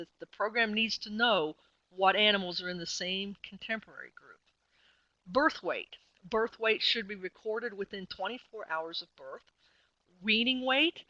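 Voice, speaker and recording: This clip has a woman teaching in a webinar as an extension specialist, her medium-pitched voice bright and forward. She talks things through conversationally, stopping on fillers and fixing her own words. The recording is low quality, close and dry, with no echo.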